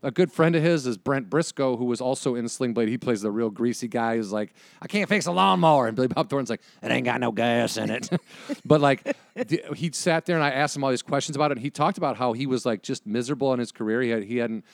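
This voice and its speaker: A man's voice: medium pitch, quick pace, no room sound. A man in his forties on a podcast, telling stories with energy and acting out quoted lines. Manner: animated storyteller, acts out quotes. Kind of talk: casual chat.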